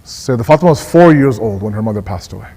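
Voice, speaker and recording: A male religious scholar giving a mournful sermon, impassioned, repeating words and slowing down for emphasis. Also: lowish voice, expressive, mellow, husky, big-room sound, low-quality recording. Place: mosque hall.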